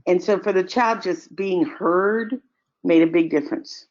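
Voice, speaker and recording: An older woman answering audience questions in a calm, explanatory way, weaving in stories. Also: on the low side, unhurried. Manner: calm, explanatory, tells stories with acted quotes. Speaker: expert guest answering questions. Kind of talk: online question-and-answer session. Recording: dull lo-fi audio.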